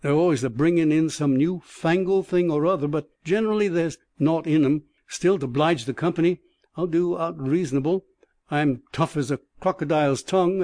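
A man voicing a rough, good-hearted ex-circus man in a rustic Cockney-mixed dialect, drawling and blunt. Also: fairly high pitch, moderate pace, darkish tone, no echo, close to an everyday voice. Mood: gruff, wary. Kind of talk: audiobook character voice.

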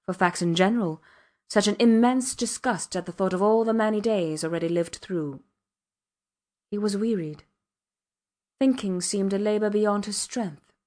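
A woman narrating a classic novel as an audiobook, pacing the prose evenly. Her voice sits in a middling pitch, and she lifts it for the quoted exchanges. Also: darkish tone. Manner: measured storytelling, raising her voice for quoted dialogue. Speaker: audiobook reader.

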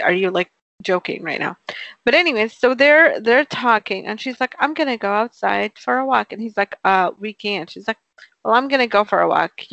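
A woman's voice: medium pitch, creaky, fairly bright tone, no room sound, lo-fi sound. A woman casually retelling an episode's plot, quoting the characters' lines. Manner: chatty retelling with quoted lines. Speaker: podcast co-host recapping a show. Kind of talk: casual chat.

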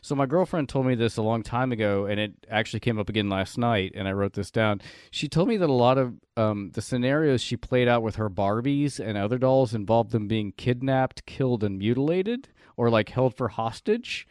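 A man hosting a casual podcast, animated and laughing often as he reads out segments. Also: mid-range voice, moderate pace, clear, resonant tone, no echo, clean studio sound. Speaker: podcast host.

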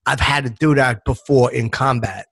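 A man's voice: medium pitch, steady tone, normal speed, a bit bright, slightly rough. A man voicing a crude, boastful tough guy in a comedy podcast, cocky and swearing as he talks up his own ideas. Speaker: podcast co-host. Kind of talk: comedic character improv.

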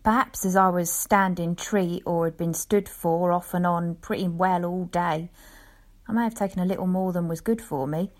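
Storybook: woman doing an unhurried old lion tamer, folksy and rambling, lowish voice. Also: fairly even intonation, natural voice. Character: old male lion tamer, leisurely pipe-smoking storyteller.

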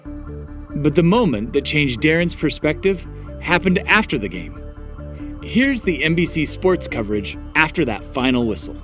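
A man hosting an interview and reading scripted narration in a measured, steady way. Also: fairly high pitch, faint music behind. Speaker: host and narrator.

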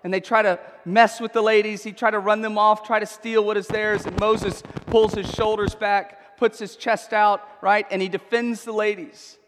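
A man preaching in a church with a high, bright voice and an emphatic, conversational delivery. He punctuates his points with quick check-ins to the crowd. His words trail off into a long hall reverb. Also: flat delivery, a little hiss or hum. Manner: conversational, emphatic, frequent tag questions. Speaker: pastor. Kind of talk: sermon.

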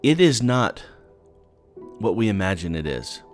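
A man's voice: on the low side, big pitch swings, a little slow, soft background music. A man giving an earnest, conversational devotional talk, speaking directly to the listener.

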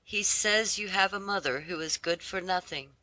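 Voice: medium pitch, normal speed, sharp tone, no room sound, pitched above the performer's own voice, natural voice. A reader voicing a poor, exhausted washerwoman who speaks in trembling, pleading tones in a storybook reading. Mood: hurt. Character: worn-out poor washerwoman, grieving mother.

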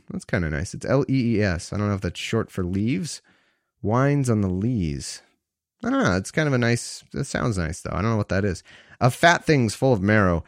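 A man's voice: lowish voice, no echo, clean studio sound. A man reading scripture aloud, breaking off with wry, casual asides. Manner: wry asides between verses.

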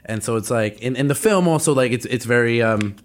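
A man's voice: medium pitch, fairly quick, slight background noise. A young man co-hosting a casual podcast chat, telling work stories and acting out the people in them. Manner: animated storyteller, acts out quotes. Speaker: podcast co-host.

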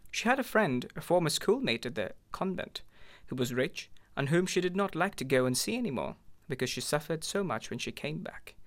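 A man narrating a classic short story aloud in a measured, expressive way. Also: medium pitch.

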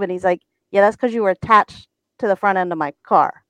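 A woman's voice: mid-range voice, fairly quick, no room sound. A woman on a talk show as a guest from a race team, telling a story and often stammering and repeating words.

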